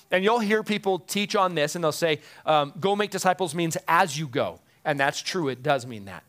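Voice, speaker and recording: A man's voice: a little high, a bit bright. Conversational man preaching a sermon. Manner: conversational, chuckling, repeats phrases for emphasis. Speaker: pastor.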